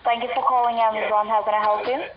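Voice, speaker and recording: A woman's voice: fairly high pitch, little pitch movement, fast, a crowd in the background. Woman answering a phone line. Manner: scripted call-center greetings. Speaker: call center agent. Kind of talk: phone call. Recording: tinny phone line with faint noise.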